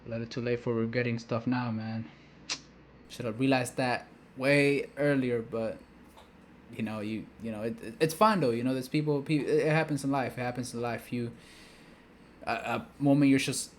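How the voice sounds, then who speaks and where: A man's voice: medium pitch, steady tone, normal speed, slight background noise. A man giving casual reaction commentary on a manga, rambling with slang, "you know" fillers and frequent restarts.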